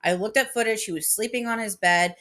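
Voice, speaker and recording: A woman's voice: mid-range voice, brisk, sharp tone. A woman hosting a paranormal channel, chatting casually and rambling with many fillers, emotional about her dog. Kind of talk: casual chat.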